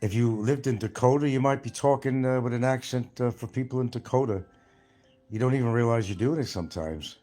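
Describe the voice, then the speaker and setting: A man's voice: medium pitch, a little fast, mellow, soft background music. An older man from New York with a mild New York accent, rambling bluntly and swearing freely in a casual monologue. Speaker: vlogger.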